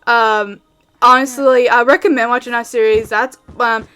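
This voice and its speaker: A woman's voice: fairly high pitch, fairly even intonation, normal speed, bright, forceful tone, smooth, soft background music. A young woman voice actor answering questions in a casual, rambling vlog, with lots of fillers, recorded on a studio mic at home. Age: young adult. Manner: rambling, filler-heavy, laid-back. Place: home bedroom setup. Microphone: studio mic with pop filter.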